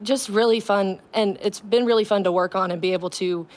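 A woman's voice: mid-range voice, steady tone, brisk. A young woman, a drama student, answering a radio host's questions earnestly, with plenty of "um" and "like". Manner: earnest, many fillers. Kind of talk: casual radio interview.

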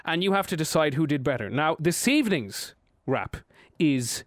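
A man's voice: fairly high pitch, expressive, normal speed, dry recording, studio quality. A young man with an Irish accent hosting a radio show, chatty, playful and self-deprecating. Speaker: radio host. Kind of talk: casual radio chat. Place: radio studio. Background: faint music bed.

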